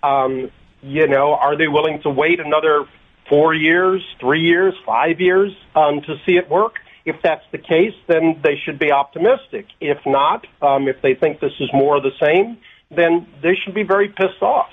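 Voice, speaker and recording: A man answering radio interview questions by phone, halting, with many ums and restarted phrases. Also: on the high side. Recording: tinny phone line.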